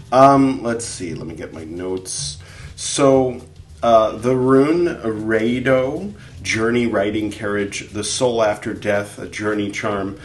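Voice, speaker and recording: A man's voice: mid-range voice, a little hiss or hum. A man, the show's editor, chatting casually and working through his notes in a thoughtful, hesitant way. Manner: thoughtful, hesitant, with many fillers. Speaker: show editor and co-host. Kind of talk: casual chat, going over notes. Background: faint background music.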